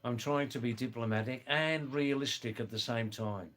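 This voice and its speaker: An older man with an accent between British and Australian, a retired nurse chatting on a live stream slowly and deliberately. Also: medium pitch, a bit bright. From England, raised in Australia. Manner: slow, deliberate, with many fillers. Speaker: livestream host, retired nurse. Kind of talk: casual live-stream chat.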